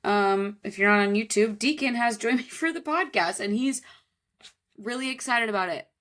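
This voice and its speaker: A woman's voice: on the high side, moderate pace, a bit bright. A young adult woman hosting a podcast, chatting casually with easygoing, dry banter. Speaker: podcast host. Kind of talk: casual chat.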